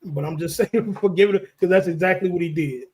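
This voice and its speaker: A man co-hosting a sports podcast, talking in loose, joking banter and telling animated stories. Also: high voice, fast. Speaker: podcast co-host.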